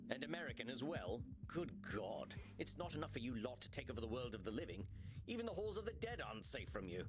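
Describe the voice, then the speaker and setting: A man's voice: mid-range voice, big pitch swings, fast talker, music in the background, lightly acted. An actor playing a haughty, centuries-old male vampire doctor with an English accent, scornful and sarcastic. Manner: scornful, sarcastic, theatrical sighs.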